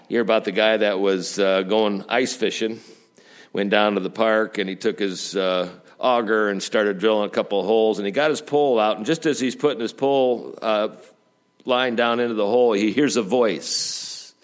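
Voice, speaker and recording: Male pastor, middle-aged, lively sermon delivery, storytelling with jokes and asides. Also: on the low side, normal speed.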